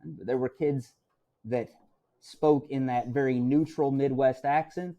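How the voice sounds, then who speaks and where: Middle-aged male teacher from Missouri, mid-range voice, relaxed classroom lecture with "right?" check-ins. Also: mid-range voice, measured pace.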